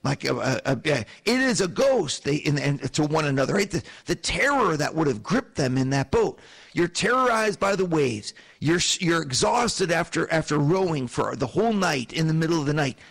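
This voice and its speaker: A man with a notably high voice teaches from scripture in an animated, storytelling way. He paints the scene for his listeners and keeps asking them rhetorical questions. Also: moderate pace, vocal fry. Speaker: preacher. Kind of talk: sermon-style Bible teaching.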